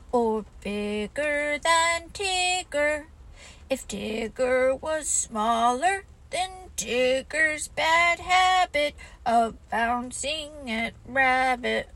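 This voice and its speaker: A woman voicing a gentle, muddled bear who talks slowly and dreamily in a storybook reading. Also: high voice, voice pushed up, poor audio. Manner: slow, dreamy, hesitant.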